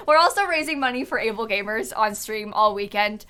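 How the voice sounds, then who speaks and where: Her voice sits a little high and sounds sharp, very animated, and moves at a normal speed. This woman streamer is building in a game and chatting casually, musing aloud with plenty of fillers, frequent giggles, and the occasional yawn, since she's tired.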